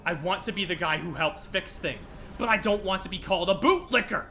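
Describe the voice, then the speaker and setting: A man's voice: high-pitched, fairly quick, bright, forceful tone, slight background noise. A man streaming a video game, ranting casually with lots of laughter and swearing. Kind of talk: casual gameplay stream commentary.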